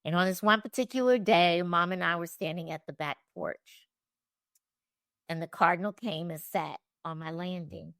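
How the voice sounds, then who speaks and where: A woman's voice: fairly low pitch, normal speed, vocal fry, fairly bright tone, no echo, clean studio sound. A woman guest on a podcast, telling personal stories in a reflective way. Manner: reflective, tells stories with acted quotes. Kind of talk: storytelling in a podcast interview.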